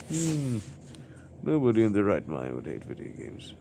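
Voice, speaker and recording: A man's voice: low-pitched, big pitch swings, fairly quick, creaky, darkish tone, slight background noise. A young man streaming live, rambling and musing aloud in an introspective way, often repeating himself.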